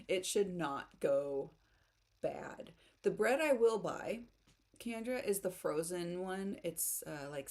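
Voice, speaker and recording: A chatty, giggly woman from the United States talks casually with her live audience, laughing at herself as she goes. Her voice sits a little low for a woman. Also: darkish tone. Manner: chatty, giggly, self-deprecating. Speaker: writing livestream host. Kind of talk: casual chat reading live comments.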